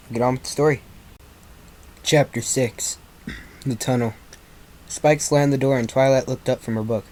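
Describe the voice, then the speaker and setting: A man reading a fan fiction story aloud in an amateur way, halting with slips and restarts. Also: mid-range voice, fairly even intonation, a little mellow.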